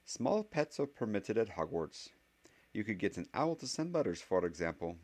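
A man's voice: on the low side, big pitch swings, moderate pace, a little mellow, voice pushed up. A man voicing a strict elderly witch professor, speaking in a clipped, dry manner. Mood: soft.

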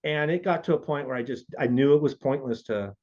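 A man's voice: mid-range voice, brisk, a little mellow. A man earnestly and emotionally telling his personal faith testimony as a guest. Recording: dull lo-fi audio.

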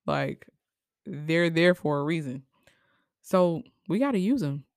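A young woman hosting a personal podcast, speaking emotionally and haltingly, with many fillers, and at times crying. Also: sits low, animated, darkish tone, no room sound, clean studio sound. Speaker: podcast host. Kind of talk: personal reflective monologue.

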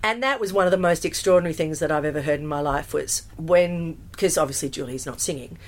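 A woman, a musical theatre performer chatting in an interview, animated and full of fillers and restarts. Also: low-pitched, fast. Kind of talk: casual interview storytelling.

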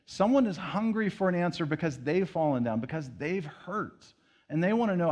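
A man's voice: a little high, expressive, a little fast, a little mellow. A man preaching a sermon in a conversational way, acting out everyday voices as he goes. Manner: conversational preaching with acted-out quotes. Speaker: pastor.

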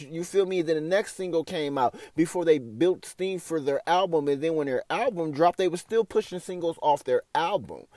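A man, hosting a casual opinion show, sassy and animated, often calling listeners "honey". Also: on the high side, dry recording, studio quality. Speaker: podcast host.

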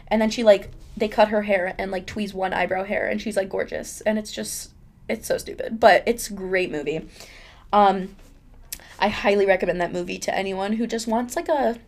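A young woman hosts her podcast in an easy, rambling way, chatting as if to a friend. She talks in a middle pitch, loose and chatty, with plenty of fillers along the way. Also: fairly even intonation, a little fast, a little mellow. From United States. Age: young adult. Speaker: podcast host. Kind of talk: casual chat.

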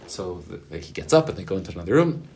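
A man's voice: low-pitched, big pitch swings, fast talker, a little mellow, slight background noise. A man, a rabbi, gives a spontaneous Torah talk to a gathering, speaking casually and rambling with many fillers and Hebrew terms. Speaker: rabbi teaching a weekly gathering. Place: group gathering in a room.

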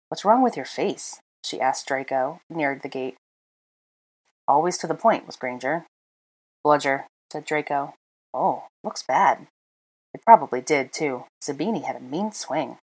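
A woman reading fan fiction aloud in an unedited home recording, narrating and speaking the dialogue with small shifts for each character. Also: sits low. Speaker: audiobook reader.

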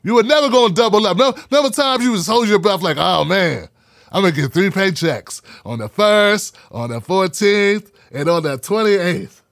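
A man hosting a live podcast, talking in an animated, preachy way and repeating phrases for emphasis. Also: high voice, moderate pace, no room sound, studio quality. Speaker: podcast host. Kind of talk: live-streamed podcast talk.

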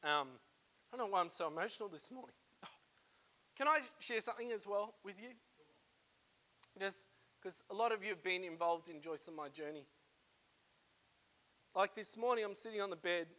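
An emotional pastor preaching a sermon in church, moving from hushed, confiding talk to loud, fervent calls. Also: male voice, sits high, moderate pace, long pauses. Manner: emotional, swings from hushed to shouting.

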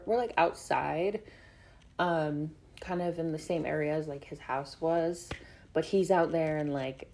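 A young woman with a somewhat low voice hosts her own show in a loose, chatty way. She rambles through her stories, piling on fillers and tossing in swear words when flustered. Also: mellow. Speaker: podcast host. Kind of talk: casual storytelling chat.

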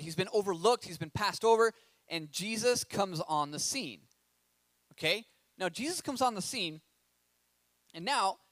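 A man with a high voice preaches a sermon, moving between reading scripture and chatty, animated asides. He asks his listeners questions as he goes. The sound is dry, with no room echo. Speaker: pastor.

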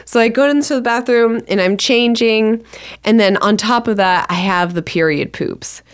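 A woman spins a funny personal story in a loose, chatty way, dropping "like" into almost every sentence. She talks in quick bursts and her pitch jumps around as she gets worked up. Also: clear, resonant tone. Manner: chatty, peppered with "like", laughs between lines. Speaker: actress telling a personal story.

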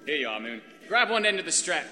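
Man playing a New Zealand adventure-sport nut, bright high voice, laid-back, radio play, long reverb. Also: big pitch swings, fast talker, faint music behind, exaggerated voice. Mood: easygoing. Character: brash young male New Zealand thrill-seeker.

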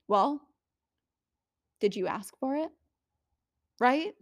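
A woman's voice: a little high, unhurried, no room sound, studio quality. Earnest woman giving spiritual coaching. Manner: earnest, conversational, rhetorical questions. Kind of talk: motivational spiritual teaching.

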